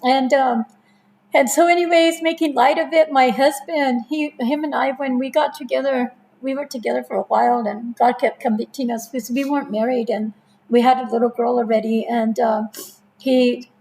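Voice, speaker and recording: New Mexican woman, fifty-plus, high voice with fry; a chatty guest who tells stories and laughs easily. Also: normal speed, rough recording. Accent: New Mexican English. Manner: laughs often, animated retelling with quoted dialogue. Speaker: interview guest. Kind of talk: casual personal storytelling.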